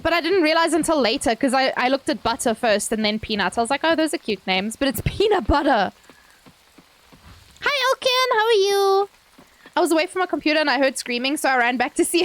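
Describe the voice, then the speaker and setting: A woman VTuber streaming a game in casual live commentary, excitable and squealing, swearing freely into a desk microphone. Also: sits high.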